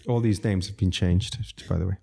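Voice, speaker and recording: A middle-aged restaurateur telling stories on a podcast in a relaxed, mellow voice that sits on the low side. He rambles happily from one story to the next and breaks into laughter as he tells them. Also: a little fast, creaky, husky. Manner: laughs through lively anecdotes. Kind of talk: casual storytelling.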